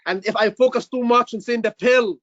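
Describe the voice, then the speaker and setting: A man's voice: extremely high pitch, fairly even intonation, brisk, fairly bright tone, no room sound, muffled recording. A man tutoring students for a medical exam, emphatic and repeating his words. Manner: emphatic, repeats words, says "brother" often. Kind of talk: online teaching session.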